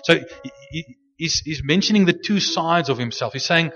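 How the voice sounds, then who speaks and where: A man preaching a sermon in a loose, unscripted teaching style, often restarting and repeating words, and slowing down to stress scripture when he reads it aloud. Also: on the high side, fairly bright tone, muffled recording, soft background music.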